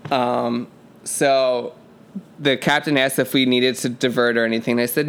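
Male flight attendant and drag queen, chatty storyteller, smooth clear tone, playful and animated. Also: medium pitch, a little slow. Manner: animated, laughing storyteller who acts out quoted voices. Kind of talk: casual storytelling chat.

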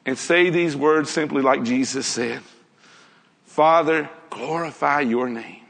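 A man with a high-pitched, slightly bright voice with vocal fry preaches an earnest sermon slowly to his congregation, repeatedly asking them rhetorical questions. A long reverb makes it sound as though he is in a large church hall.

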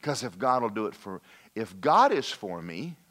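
A man preaching a lively sermon, folksy and animated, slipping into mock voices and asides to the congregation. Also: fairly low pitch, normal speed. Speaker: pastor.

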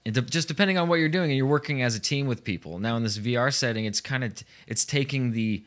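A podcast co-host talks fast at medium pitch in a casual chat, rambling along with lots of fillers.

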